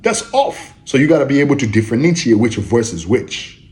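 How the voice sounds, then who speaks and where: A man preaching in a loose, conversational way, his pitch swinging high and low as he drives each point home. He repeats himself for emphasis and keeps asking whether listeners are following. When he reads scripture he slows right down and halts over the words. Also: big pitch swings, darkish tone. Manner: repetitive, emphatic, checks in with listeners; slow, halting when reading scripture. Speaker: religious teacher. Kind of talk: informal preaching monologue.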